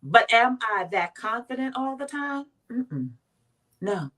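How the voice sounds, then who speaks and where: A woman's voice: on the high side, takes it slowly. A woman from Washington, D.C., a guest on a faith talk show, speaking emphatically and acting out quotes. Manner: emphatic, animated storytelling with acted quotes.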